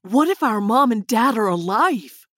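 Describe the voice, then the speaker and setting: Woman reading as a forceful young boy. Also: a little high, animated, unhurried, no room sound, studio quality. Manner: forceful, threatening. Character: determined young boy, threatening.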